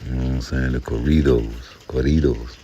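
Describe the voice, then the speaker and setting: Brief: low, mellow-voiced man, loose profane rant, faint hiss behind. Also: normal speed, dull audio. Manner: profane, rambling, slips into mocking put-on voices. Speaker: boxing commentator. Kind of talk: casual rant to camera.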